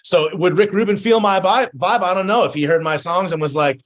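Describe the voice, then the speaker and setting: A man with a voice that sits high talks a little fast as a podcast guest. He chats casually and laid-back, swears freely, and acts out the voices of people in his stories.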